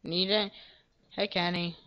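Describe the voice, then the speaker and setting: A woman giving casual, self-deprecating commentary while she plays a video game, now and then breaking into loud yelps. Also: fairly low pitch, little pitch movement, slow pace, dull audio. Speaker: gameplay video creator. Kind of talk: casual let's-play commentary.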